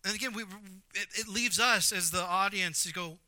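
A man preaching a sermon, animated and acting out quotes with big swings in volume. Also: high-pitched, moderate pace, no room sound. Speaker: pastor.

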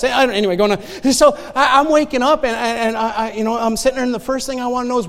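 High-voiced man preaching in a reverberant church. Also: moderate pace. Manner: animated storyteller, swings between loud exclamation and quiet asides, laughs often. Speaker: guest preacher giving testimony. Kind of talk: sermon testimony. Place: church sanctuary. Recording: long hall reverb in a church.

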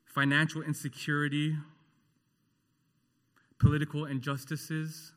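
A man preaching a sermon with impassioned delivery, rising to loud rhetorical questions and dropping to a hushed, tender tone. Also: a little high, monotone, measured pace, long reverb tail. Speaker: pastor.

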